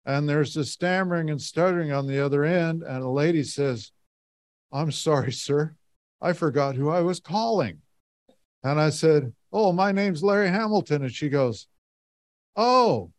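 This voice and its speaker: In this storytelling talk to a congregation, a middle-aged lay speaker wanders folksily through a long personal tale, filling gaps with "and, uh." The recording is dry, and his mid-range voice has a darkish tone.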